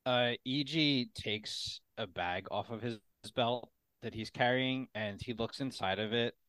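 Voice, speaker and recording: A man's voice: medium pitch, unhurried, fairly bright tone, clean tone, no room sound. A man playing a tabletop game, casually describing his character's actions. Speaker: player. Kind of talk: tabletop role-play.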